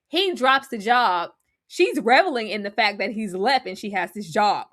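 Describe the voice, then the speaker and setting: A woman co-hosting a casual movie review chat, acting out characters' lines as she talks. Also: moderate pace. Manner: animated, acts out characters' lines with big pitch jumps. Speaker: podcast co-host.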